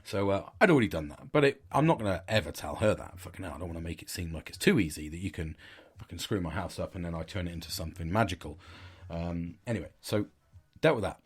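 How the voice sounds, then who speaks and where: Middle-aged podcast host, lowish voice, frank and rambling monologue. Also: male voice, animated, fast, breathy edge. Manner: candid, sweary, rambling with restarts. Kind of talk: casual storytelling monologue.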